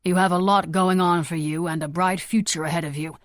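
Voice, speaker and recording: A woman's voice: on the low side, fairly even intonation, fairly quick, no echo, natural voice. Woman playing stern senator dad, firm and urgent, audiobook, dry close read. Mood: coaxing. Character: older male senator father, commanding.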